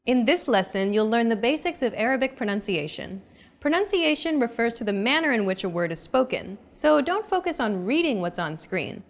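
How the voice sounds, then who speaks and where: A woman's voice: fairly high pitch, very animated, normal speed. A woman hosting a language lesson, giving scripted, encouraging explanations in an upbeat way.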